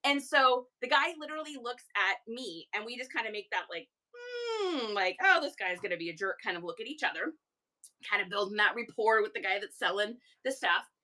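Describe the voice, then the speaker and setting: Chatty bright-voiced woman livestream host. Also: mid-range voice, low-quality recording. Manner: chatty and animated, quick asides to viewers. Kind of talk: casual storytelling to a live chat.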